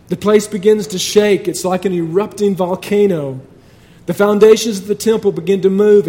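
A man's voice: high voice, warm tone. A man preaching a sermon in a conversational but emphatic way, building points through repetition.

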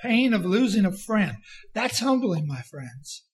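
A man preaching a sermon in a fairly high voice, taking his time over each phrase. He swings between loud, emphatic declarations and hushed, quiet lines. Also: big pitch swings, unhurried, breathy edge, faint music behind, low-quality recording.

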